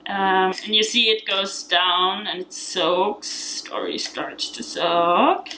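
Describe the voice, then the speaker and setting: A woman's voice: mid-range voice, fairly even intonation, slow, sharp tone, a little hiss or hum, low-quality recording. A woman with an Austrian accent giving a casual, chatty cooking demonstration in a home kitchen, with many fillers and frequent laughs. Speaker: home cook demonstrating a recipe.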